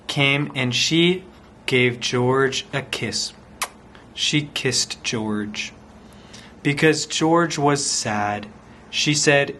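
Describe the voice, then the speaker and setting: A man's voice: medium pitch, pushed and bright, a little hiss or hum. A man teaching a language by reading a picture story aloud, repeating simple phrases and acting out sounds. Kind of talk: slow storytelling for language learners.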